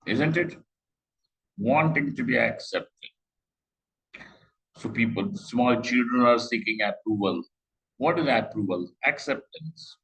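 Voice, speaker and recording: A middle-aged man giving a scripture class, talking conversationally with rhetorical questions and slow Sanskrit quotes. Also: medium pitch, lively intonation, creaky, fairly bright tone, poor audio. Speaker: Vedanta teacher.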